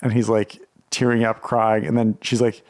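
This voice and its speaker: A man's voice: fairly low pitch, flat delivery, normal speed, darkish tone. Rambling male podcast co-host. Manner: rambling, heavy use of "like", frequent restarts. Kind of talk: casual chat.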